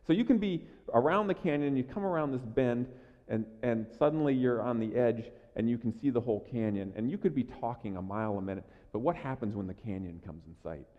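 A man preaching a sermon as a pastor, talking conversationally and swinging between quiet asides and louder emphasis, often repeating words as he restarts. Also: mid-range voice, expressive, fairly quick. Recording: echoey hall, dull lo-fi sound.

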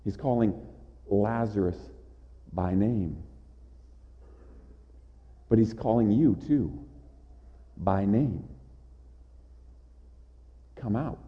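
A man's voice: on the low side, takes it slowly, long pauses. A man preaching a sermon in an earnest way, with small stammered restarts and rhetorical questions. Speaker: pastor. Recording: dull audio with long hall reverb.

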